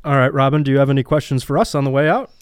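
A man co-hosting a casual podcast, asking questions in a lively, jokey way. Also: mid-range voice, rapid-fire, smooth, dry recording, clean studio sound. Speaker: podcast co-host.

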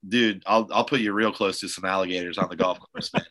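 A man's voice: low voice, fairly even intonation, fairly quick, a bit bright, low-quality recording. A man hosting a podcast, chatting casually and rambling through stories with lots of filler words. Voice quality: loose, rambling storyteller with many fillers. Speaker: podcast host. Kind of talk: casual chat.

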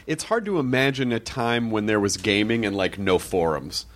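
A man from the United States hosts a relaxed chat, his voice rising and falling a lot as he tells stories. He laughs often and keeps the talk light and casual. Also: lowish voice, moderate pace. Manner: animated storyteller, laughs often. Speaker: podcast host. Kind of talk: casual conversational interview.

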